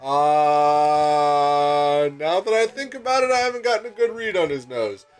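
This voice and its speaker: A young man co-hosts a game session, telling loose, profane stories and laughing at his own jokes. His voice sits a little high, recorded on a makeshift microphone propped on a bucket, with faint game music underneath. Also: unhurried, clean tone. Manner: rambling, laughing, swearing storyteller. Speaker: let's play co-host, student. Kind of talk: casual gaming chat. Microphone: microphone set on a bucket.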